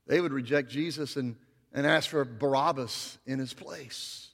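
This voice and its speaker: A male pastor preaching a sermon, swinging between loud, emphatic passages and quiet, slow emphasis. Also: medium pitch, vocal fry, big-room sound.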